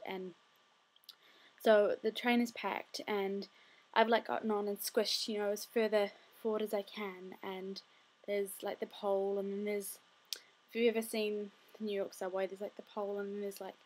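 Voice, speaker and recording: A tired young woman telling a story in a chatty, rambling way with many fillers. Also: mid-range voice. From New Zealand. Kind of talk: casual storytelling vlog.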